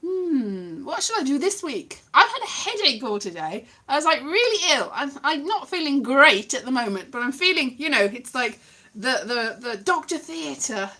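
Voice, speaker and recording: A woman's voice: high-pitched, normal speed. A woman chatting casually to camera in a playful, silly vlog. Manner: playful, animated, silly asides. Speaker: vlogger.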